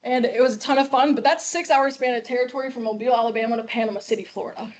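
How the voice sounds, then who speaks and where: A woman in her twenties from Chicago, a guest speaker telling a class her story, lively and acting out the people she quotes. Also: on the high side, racing. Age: 20s. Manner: lively, acts out quoted dialogue.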